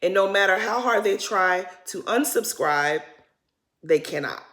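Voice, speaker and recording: A woman in the middle of her usual range rattles through a casual reality-TV recap. She talks straight to her viewers in a chatty, slangy, dramatic way. She jumps between punchy emphasis and quiet, muttered asides. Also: mid-range voice, animated, unhurried. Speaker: recap vlogger.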